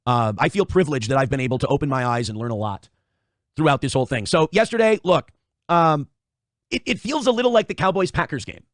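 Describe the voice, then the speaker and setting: A man's voice: on the high side, expressive, fast, no echo, studio quality. A man in a casual livestream monologue, blunt and profane, often circling back to the same points. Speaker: streamer.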